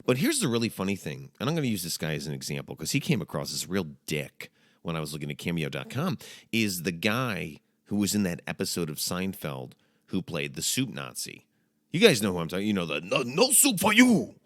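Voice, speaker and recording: A man's voice: low-pitched, very animated, fairly quick, dry recording, clean studio sound. A man hosting a casual comedic monologue, talking in a jokey, mock-dramatic way with playful asides. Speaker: podcast host.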